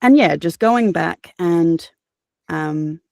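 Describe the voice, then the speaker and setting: An Australian woman with a slightly low voice speaks earnestly as an interview guest. She thinks aloud, restarting sentences and filling pauses. The sound is dry and close, with no room echo. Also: animated, vocal fry, a little mellow. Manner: reflective, earnest, many fillers and restarts, occasional laughs. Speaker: guest, audiobook narrator and voice actor. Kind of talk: casual interview chat.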